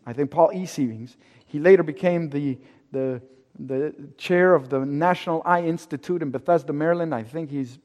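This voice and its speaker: A man with a high voice tells a personal story with drama. He acts out the dialogue and sinks into hushed tones when the tension rises. His voice carries a long reverb, as if in a big hall. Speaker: speaker telling a personal story.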